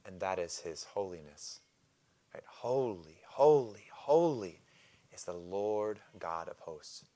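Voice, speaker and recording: A male pastor delivers a sermon in a somewhat low voice. He shifts between loud, rousing call-and-response with the congregation and easy, chatty teaching full of fillers and small jokes. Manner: conversational, with fillers and light humor.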